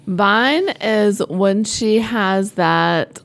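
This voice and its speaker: A woman's voice: mid-range voice, drawn-out words, vocal fry. A woman co-hosting a chatty podcast with a teasing, playfully boastful manner. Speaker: podcast co-host. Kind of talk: casual chat.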